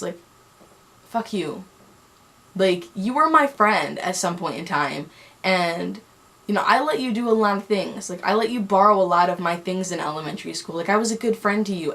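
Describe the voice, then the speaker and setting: A woman's voice: fairly low pitch, fairly bright tone. Young woman ranting thru a storytime vlog, fired up and rambling. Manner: angry, heated, rambling. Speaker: vlogger.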